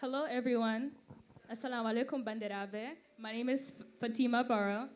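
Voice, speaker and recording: Soft-spoken woman with a slightly high voice. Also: steady tone, fairly quick. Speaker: festival performer. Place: outdoor arts festival stage.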